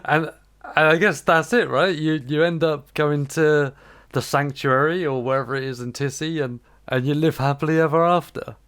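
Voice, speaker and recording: A man's voice: on the high side, steady tone, normal speed, a bit bright, clean tone. A man hosting a podcast, narrating a role-play scenario for his guest in an easygoing way. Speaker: podcast host running the scenario.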